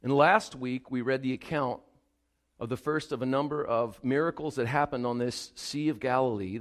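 A male pastor preaching a sermon, speaking earnestly and rising to emphatic appeals to the congregation. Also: medium pitch.

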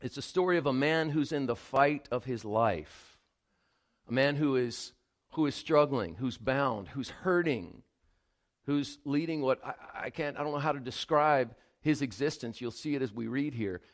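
A man preaching a sermon at a mid-range pitch. His tone is earnest, and he builds to emphatic, direct appeals to his listeners. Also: moderate pace. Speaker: pastor.

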